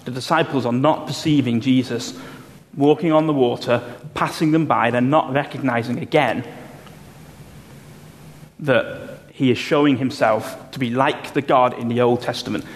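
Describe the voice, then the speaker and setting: A man's voice: medium pitch, steady tone. Preacher man in a reverberant hall. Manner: explanatory, measured, with slowed emphasis on key phrases. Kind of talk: sermon. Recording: long hall reverb, faint room noise.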